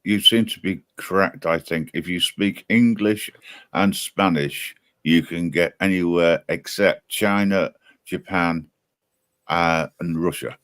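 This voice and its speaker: Low-voiced teasing male stream host. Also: slow, a bit bright, no room sound, clean studio sound. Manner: teasing, laughs at his own jokes. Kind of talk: casual group chat on a live stream.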